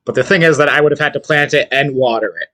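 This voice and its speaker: A man's voice: on the high side, quick pace, fairly bright tone, dry recording. A man playing a tabletop game, often stammering and restarting. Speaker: player. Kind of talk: casual tabletop play.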